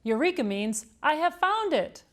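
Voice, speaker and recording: A fussy male professor from a children's picture book, explaining things in a matter-of-fact, lecturing way, read aloud by a woman. The voice stays fairly high and plain, more explainer than showman. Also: very animated, a little slow, a bit bright, full character voice.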